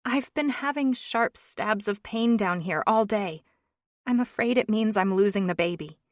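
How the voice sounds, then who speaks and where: A woman reading an audiobook, voicing an excitable, indignant young pregnant woman with a raised, exasperated voice. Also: mid-range voice, no echo, clean studio sound, natural voice. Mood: worried. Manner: exasperated, rapid outbursts.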